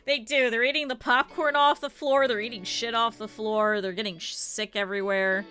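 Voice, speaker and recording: A woman streamer chatting casually to her live chat, blunt and swearing freely, with lively quoted asides. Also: on the high side, normal speed, clear, resonant tone.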